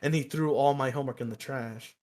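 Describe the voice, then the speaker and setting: A man's voice: mid-range voice, steady tone, a little fast, a little mellow. A young man co-hosting a podcast, telling a rambling, profane story and laughing at himself. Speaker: podcast co-host. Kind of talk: casual storytelling chat.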